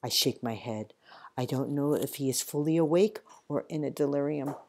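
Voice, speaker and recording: A woman reading a first-person storybook in a measured voice that sinks quietly at grim moments. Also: very deep voice. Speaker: audiobook reader.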